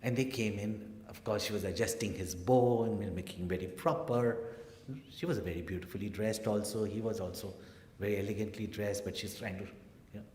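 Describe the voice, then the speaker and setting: A man gives a spiritual lecture, slipping into stories with casual asides and quick tag questions. His voice sits fairly low. The sound is roomy, with a long hall reverb and faint background noise. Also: a little mellow. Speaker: spiritual teacher. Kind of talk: lecture with storytelling.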